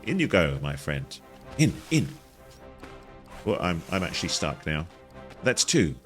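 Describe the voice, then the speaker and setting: With faint music playing behind him, this man narrates a game walkthrough in a sing-song, slightly slow voice. He's a jokey gaming guide host who talks to the characters in silly voices, his pitch leaping high as he plays.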